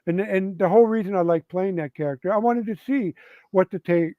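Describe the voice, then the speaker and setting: A man, a game designer and guest, telling gaming stories in a casual interview, animated and rambling with many restarts. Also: high-pitched, fairly quick. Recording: dull lo-fi sound.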